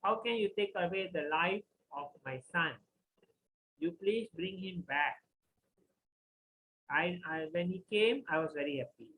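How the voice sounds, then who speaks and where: Grieving king, pleading and indignant, bright-toned voice, as a storyteller puts him on. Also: sits high, a little slow, pauses often, low-quality recording. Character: grieving desperate king, adult man.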